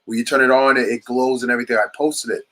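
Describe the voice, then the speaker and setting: Man, casual podcast host, rambling, lots of restarts, mid pitch. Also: steady tone, fast talker, sharp tone. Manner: rambling, restarts often, enthusiastic. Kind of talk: casual chat interview.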